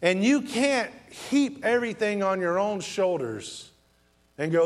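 A man preaching a sermon as a guest preacher, animated, and acting out quoted voices in a mocking tone. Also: high voice, a little slow.

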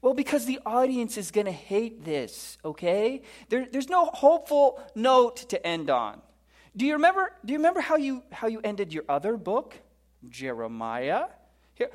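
Man doing a pushy executive, exasperated, blunt, lecturing, fairly high voice. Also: lightly acted.

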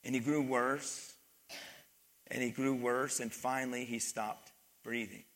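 A man's voice: medium pitch, steady tone, unhurried, a bit bright. A male pastor delivering a sermon, reading scripture and explaining it emphatically, with call-outs to the congregation. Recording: long hall reverb.

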